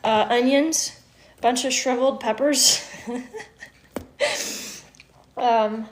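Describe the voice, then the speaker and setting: Cooking on a live stream in her home kitchen, a woman talks slowly in a somewhat high voice with fairly even intonation. She laughs often, curses every so often, and the onions have made her teary.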